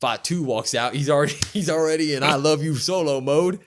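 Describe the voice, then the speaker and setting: Animated man recapping wrestling. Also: on the high side, brisk. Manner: animated storytelling, acts out quotes with loud whoops. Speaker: wrestling podcast co-host. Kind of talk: excited casual recap.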